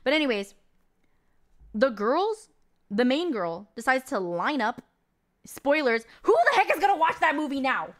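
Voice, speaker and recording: A young adult woman streamer recaps a movie in casual stream chat, her high-pitched voice swinging widely in pitch at an unhurried pace with long pauses. She tells a long, rambling story in an incredulous tone, full of fillers.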